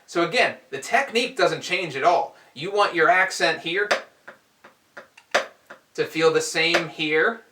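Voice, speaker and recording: A man teaching a drum lesson, explaining strokes in a relaxed way and counting aloud as he demonstrates. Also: fairly high pitch, unhurried, pauses often, background noise. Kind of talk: instructional explanation. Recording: echoey room, heard from a distance.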